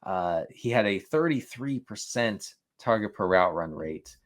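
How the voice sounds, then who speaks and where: A man co-hosting a casual fantasy football podcast, talking with quick restarts, stammers and frequent laughs. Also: lowish voice, lively intonation. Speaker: fantasy football analyst co-host.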